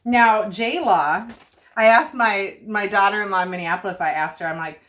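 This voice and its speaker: An older homestead cooking vlogger chats casually to the camera as she cooks in her home kitchen, rambling, correcting herself often and laughing. Her voice is medium-pitched and a bit bright, at a normal speed.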